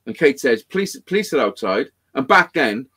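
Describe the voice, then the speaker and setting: A man on a livestream, telling rough stories in casual chat, swearing constantly and acting out the dialogue. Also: medium pitch, sing-song, moderate pace, bright, forceful tone. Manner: swears constantly, acts out quoted dialogue animatedly. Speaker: livestream co-host.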